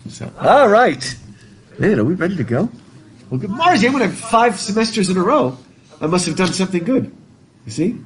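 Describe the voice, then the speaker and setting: A man teaching a literature class in a loose, rambling way, chatting with students and laughing easily. His voice sits a little higher than most men's. He talks in a classroom, wearing a mask while he records. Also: big pitch swings, fairly quick, rough recording. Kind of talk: casual classroom talk. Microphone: masked, recording his own class.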